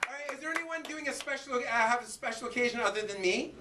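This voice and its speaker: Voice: medium pitch, expressive, fast. Chatty improv host on a live stage. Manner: chatty, with many fillers and restarts. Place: small theater stage with audience. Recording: echoey, distant, noisy live recording.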